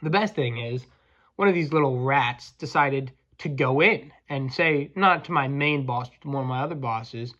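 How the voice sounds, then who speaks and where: A man's voice: medium pitch, normal speed, pushed and bright, muffled recording. Crude ranting man on a podcast. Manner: crude, combative, stumbling restarts. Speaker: podcast host, welder. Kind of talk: profane comedic rant.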